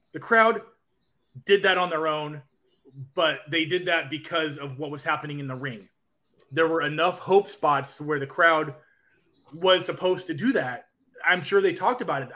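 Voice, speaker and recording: A man's voice: fairly high pitch, pushed and bright. A man co-hosting a casual wrestling podcast, giving rambling but thoughtful analysis. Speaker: podcast co-host.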